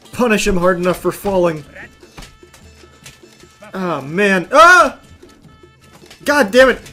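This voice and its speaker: A man streaming a game, shouting, swearing and laughing in bursts between dry asides. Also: high voice. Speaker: gaming streamer. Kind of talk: live gameplay commentary.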